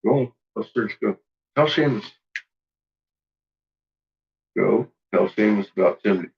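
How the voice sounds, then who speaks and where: A man's voice: fairly low pitch, a little slow, vocal fry, dull audio. A man at home talking to his pets in a playful, teasing way, baby-talking the dog and swearing casually. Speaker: pet owner.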